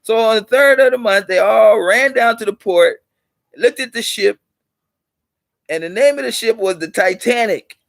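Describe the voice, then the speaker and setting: A man with a high voice, preaching to the camera in a repetitive, insistent way. He spins little stories to make his point. The sound is dry and close, with no room echo. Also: moderate pace, creaky. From United States. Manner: preachy, repeats points for emphasis; tells allegorical stories. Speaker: channel host. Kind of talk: motivational vlog talk.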